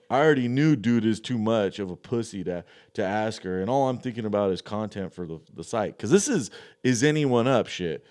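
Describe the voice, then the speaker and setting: A man's voice: fairly low pitch, moderate pace, darkish tone, clean tone. Young man telling a crude, mocking story. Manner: profane, offhand and mocking. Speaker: podcast storyteller.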